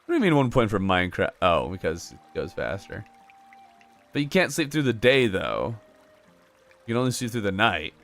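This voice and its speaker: A man's voice: fairly low pitch, big pitch swings, normal speed, creaky, pauses often, a bit bright, faint music behind. A young man live-streaming a game, chatting casually and joking as he replies to his chat.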